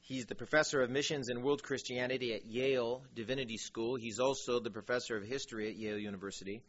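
Speaking fast in a mid-range voice, a man preaches a sermon as pastor, caught on lo-fi audio. His storytelling is lively, with voices acted out and jokes dropped in along the way.

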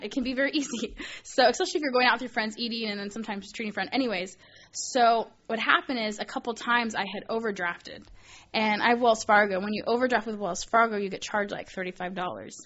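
A woman's voice: mid-range voice, fairly bright tone, highs cut off. A young woman telling a personal story while teaching a women's Bible study, chatty and earnest, with lots of filler words.

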